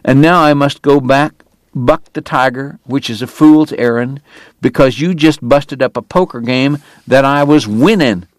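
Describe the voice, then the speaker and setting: A man's voice: medium pitch, a little slow, no echo, clean studio sound, pitched above the performer's own voice, natural voice. A man voicing a bitter, ailing frontier dentist who speaks in a formal, biting and strained way. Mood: angry. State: sick, coughing.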